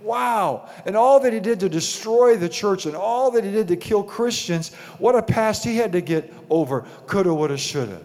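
A male pastor delivers a sermon in a somewhat high voice, pressing his points and drawing the congregation in with quick questions. His voice rings out with a long reverb from the church hall. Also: lively intonation, a little mellow. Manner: preaching with rising emphasis and call-and-response questions. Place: church sanctuary.

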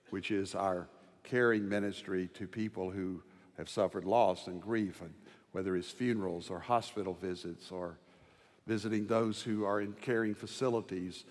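A man preaching a sermon as pastor, dropping to hushed tender lows and rising to loud ringing proclamation. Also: moderate pace. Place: large church sanctuary. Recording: long hall reverb.

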